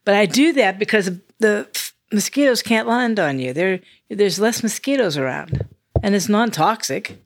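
A woman's voice: mid-range voice, lively intonation, moderate pace, no echo. An older woman co-hosting a podcast, chatty and self-deprecating in casual conversation. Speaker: podcast co-host. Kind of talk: casual chat.

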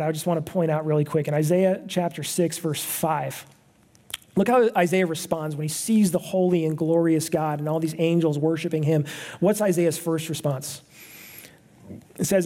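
A man's voice: on the high side, moderate pace, dark tone. A man preaching a sermon as pastor, earnest and conversational, often checking in with his listeners. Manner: earnest, conversational preaching with frequent "right?" asides.

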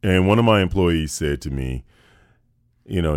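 A man with a really low, deep voice, chatting as a guest and telling stories with animation, breaking into impressions now and then. The sound is close and dry, with no room around it. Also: moderate pace, clear, resonant tone, no room sound. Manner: animated storyteller, slips into voices. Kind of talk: casual storytelling chat.

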